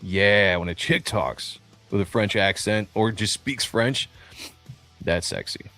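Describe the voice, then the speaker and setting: A man's voice: fairly low pitch, slow pace, sharp tone, soft background music. A man in his forties hosting a livestream in casual chat, rambling with many fillers and restarts over a remote call. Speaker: livestream host. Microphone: remote call over a streaming studio.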